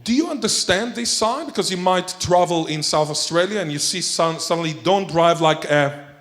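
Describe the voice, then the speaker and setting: A man's voice: sits high, a little fast, fairly bright tone. A man giving a conference keynote, playful and jokey, quizzing the audience as he goes. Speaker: keynote speaker.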